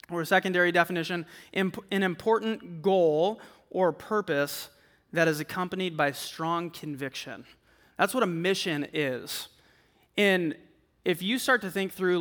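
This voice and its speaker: A man preaches to a student group in a relaxed, chatty way, his voice high and bright. His talk stays loose and conversational, dotted with "like" and "right?". The sound rings with a long hall echo. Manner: conversational, uses "like" and "right?" often. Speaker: campus ministry speaker. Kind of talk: sermon. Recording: echoey hall.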